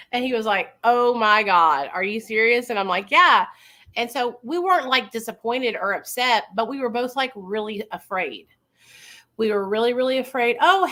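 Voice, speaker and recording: A woman's voice: fairly high pitch, fairly bright tone. A woman in her thirties, a vlogger casually telling viewers a personal story in a chatty, confiding way.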